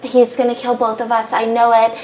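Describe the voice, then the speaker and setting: A woman's voice: fairly high pitch, completely flat delivery, brisk, darkish tone, echoey room, a little hiss or hum, close to an everyday voice. A woman voicing a desperate wife pleading with her husband in a retold story. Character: desperate loving wife facing death.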